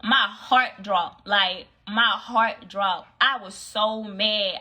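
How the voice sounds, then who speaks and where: A woman's voice: slow pace, few pauses. A young woman telling a casual story on a phone livestream, acting out the voices of the people in it. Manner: animated storyteller, acts out voices, swings high for quoted friends.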